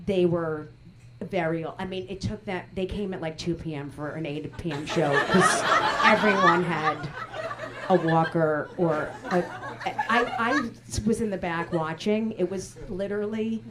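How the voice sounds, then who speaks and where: A woman comedian with a lowish, slightly slow voice does brash, teasing, profane crowd work into a handheld mic on a club stage. The live show recording has loud crowd noise.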